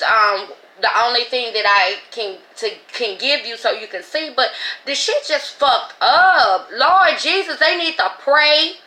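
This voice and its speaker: A woman's voice: on the high side, bright, forceful tone, reverberant, rough recording. A woman hosting a podcast, giving emotional, profane, emphatic commentary. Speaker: podcast host. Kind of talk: casual commentary.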